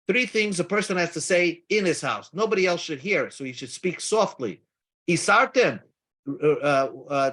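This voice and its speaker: A man's voice: a little high, a bit bright. Man teaching Talmud readings. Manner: halting explanation with frequent restarts, mixing Hebrew-Aramaic readings with English. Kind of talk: Daf Yomi lecture.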